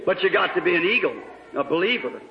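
High-voiced fervent preacher man, echoey hall. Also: very animated, fast, slight background noise. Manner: fervent, swings between loud shouts and hushed lows. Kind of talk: revival sermon. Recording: echoey hall, lo-fi old tape.

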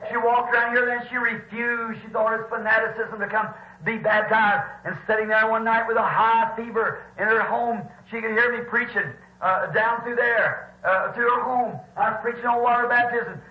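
A man preaching a storytelling sermon in a church, animated, rising to shouts with folksy grammar. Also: extremely high pitch, normal speed, few pauses. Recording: roomy, dull lo-fi old recording.

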